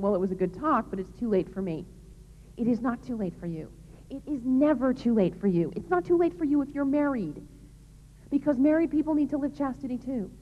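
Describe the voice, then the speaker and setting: In a high voice, a woman gives young people a plain-spoken, earnest and emphatic religious talk about chastity in a large hall. A touch of hiss or hum sits on the dull, lo-fi recording, which echoes with the room.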